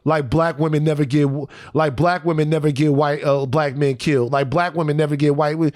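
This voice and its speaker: A man's voice: fairly high pitch, steady tone, a little fast, a little mellow, no room sound, clean studio sound. A man co-hosting a podcast, talking in heated casual chat with impassioned emphasis and repeated phrases. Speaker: podcast co-host.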